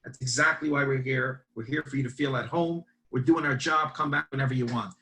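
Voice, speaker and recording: A man, a campus rabbi telling a story in a webinar and acting out both sides of the dialogue with lively energy. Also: medium pitch, a little fast, rough recording. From Brooklyn, New York. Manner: animated, acts out dialogue.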